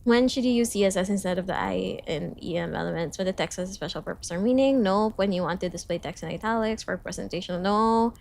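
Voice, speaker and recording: A woman's voice: fast, creaky, few pauses, darkish tone. A young woman from the Philippines on a study livestream, reading notes aloud and breaking off for giggly, self-conscious greetings to chat. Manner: reads lessons aloud, then jumps to high cheerful greetings to chat. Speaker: streamer.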